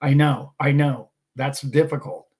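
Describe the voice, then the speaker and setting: A man's voice: mid-range voice, steady tone, measured pace, darkish tone. A man hosting a casual monologue, talking in an emphatic, preachy way and mocking his doubters. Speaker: host.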